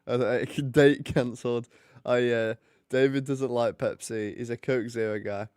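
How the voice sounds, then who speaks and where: A man's voice: medium pitch, fairly even intonation, unhurried, a little mellow, clear, resonant tone, dry recording, studio quality. A young man chatting and joking casually while hosting a live hockey watch party. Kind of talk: casual live commentary and chat.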